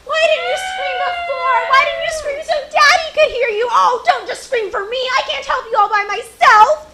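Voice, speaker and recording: A woman's voice: very high-pitched, animated, moderate pace, very noisy. Woman playing a desperate little girl. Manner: pleading, crying and shouting. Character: frightened stubborn young girl. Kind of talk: live old-time radio drama.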